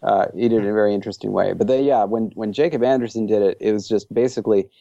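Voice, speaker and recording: A language creator guests on a casual podcast interview, rambling enthusiastically with plenty of fillers. His voice is low, creaky, and dark, and he talks very fast. The recording is dry and dull.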